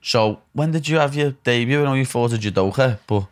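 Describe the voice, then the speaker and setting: A man's voice: mid-range voice, fairly quick. A man with a Liverpool Scouse accent hosting a podcast, chatting casually in loose slang, rambling and playful. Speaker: podcast host. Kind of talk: casual chat.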